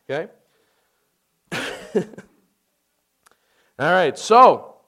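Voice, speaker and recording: A man's voice: high-pitched, a bit bright. A man preaching a sermon, retelling a Bible story in a casual, joking way and asking "amen?". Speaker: pastor.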